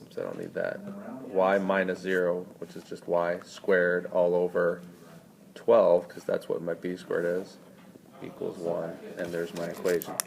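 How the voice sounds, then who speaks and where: A man's voice: sits low, completely flat delivery, a little slow, vocal fry, a little hiss or hum. A man tutoring math in a screencast lesson, walking students through each step and quizzing them as he goes.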